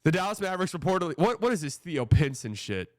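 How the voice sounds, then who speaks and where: A man's voice: on the high side, very animated, fast talker, no echo, clean studio sound. A man hosting a casual sports reaction show, talking in a loose, profane, rambling way.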